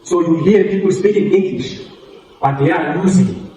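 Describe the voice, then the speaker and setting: Here the coach's voice is a little high and mellow at a moderate pace, captured by a distant mic in a muffled recording with slight hiss or hum and heavy room echo. A Xhosa first-language speaker with a South African Xhosa accent in English, he teaches a workshop, explaining, repeating and demonstrating as he goes.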